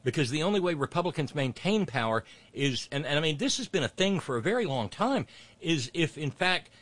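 A man's voice: fairly high pitch, big pitch swings, a little fast, a bit bright, dry recording. A man hosting political commentary, mocking clips with sarcastic asides and rising rants.

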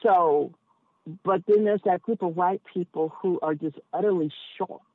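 A woman's voice: lowish voice, moderate pace. A woman cab driver speaks candidly as a podcast guest, working through her thoughts aloud with many asides and pointed emphasis. Her voice comes over a narrow, phone-like line. The sound is dry and close, with no room echo.

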